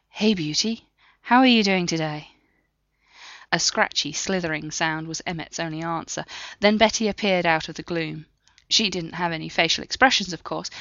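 A woman narrating a story in a steady, measured reading. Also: low voice, creaky, no room sound, muffled recording. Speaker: audiobook narrator. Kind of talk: scripted narration.

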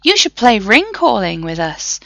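A woman's voice: medium pitch, very animated, a little slow, gravelly, a bit bright, no room sound, voice pushed up, exaggerated voice. A woman voicing a mischievous boy troublemaker who coaxes cheekily. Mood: coaxing. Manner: cheeky and coaxing.

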